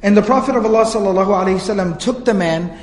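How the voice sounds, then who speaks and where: Male teacher, high voice, relaxed storytelling lecture, roomy reverberant hall. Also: racing. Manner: storytelling, casual asides. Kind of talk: religious history lecture. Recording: echoey hall.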